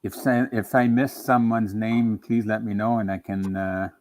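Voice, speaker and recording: A man from Canada joining a live sewing stream as a guest by video call, chatting in a relaxed way with quick asides. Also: fairly low pitch, no echo. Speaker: guest crafter. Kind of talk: casual live-stream chat.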